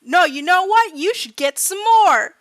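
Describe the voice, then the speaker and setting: A woman doing a rowdy, yelling partygoer. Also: very high voice, very animated, normal speed, pitched above the performer's own voice, heavily acted. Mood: gleeful. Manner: loud, gleeful yelling.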